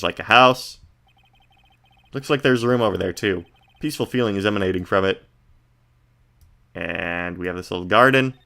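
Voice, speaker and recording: A man's voice: gravelly, pushed and bright. A man streaming a game, reading the game text aloud in a casual, laid-back way, often murmuring his asides. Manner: laid-back, reads descriptions in a low murmur.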